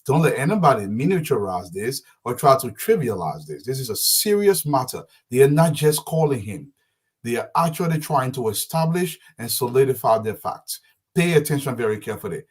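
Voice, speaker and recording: A man's voice: mid-range voice, big pitch swings, fairly quick, slightly rough. A man arguing insistently as a panelist on a political talk show. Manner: forceful, insistent, lecturing.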